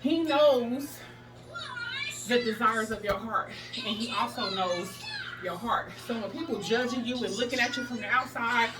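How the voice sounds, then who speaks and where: A woman's voice: fairly high pitch, normal speed. A woman talking in a motivational workout vlog, sassy and emphatic, sometimes out of breath while exercising. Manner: sassy, preachy, emphatic, laughs often. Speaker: plus-size fitness vlogger. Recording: distant mic with music behind.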